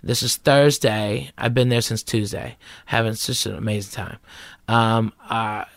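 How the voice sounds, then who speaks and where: A middle-aged man with a Southern American accent, a guest comedian telling a lively, profane story in a podcast interview. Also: fairly low pitch, unhurried, vocal fry, no room sound, clean studio sound. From Southern United States.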